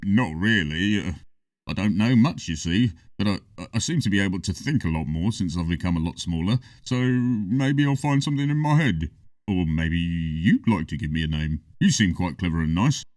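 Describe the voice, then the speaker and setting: A man's voice: low voice, expressive, normal speed, no room sound. A man doing a timid, stammering bubblegum troll. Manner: hesitant, stammering, soft-spoken. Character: shy, confused, gentle male bubblegum troll. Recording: distant, dry.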